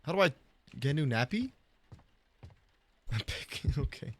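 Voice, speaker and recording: Male gamer commentator: excitable and jokey, with lively pitch swings. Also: unhurried. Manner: excitable, laughing, coos at the baby in a high voice. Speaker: gaming YouTuber. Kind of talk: casual let's-play commentary.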